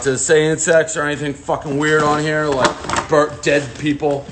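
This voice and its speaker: A man's voice: on the high side, brisk, background noise. A man giving profane, jittery running commentary as he unboxes packages on a casual livestream. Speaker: host unboxing fan mail.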